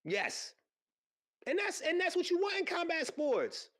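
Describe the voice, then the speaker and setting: A man hosting a podcast, chatting casually and rambling with lots of fillers and excited exclamations. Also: very high-pitched, unhurried. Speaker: podcast host. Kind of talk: casual solo podcast chat about combat sports. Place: podcast studio.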